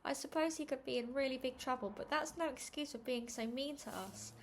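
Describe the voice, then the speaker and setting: A timid young mother speaks shakily and hesitantly, close to tears, as a woman reads her part. The voice runs a little high, with faint background noise. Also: fairly quick. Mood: shaky. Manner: shaky and hesitant.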